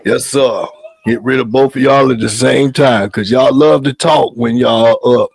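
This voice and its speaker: A man's voice: medium pitch, a little slow, gravelly, a little mellow, husky. A man hosting a casual talk show, rambling and repeating words as he trash-talks about sports. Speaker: host.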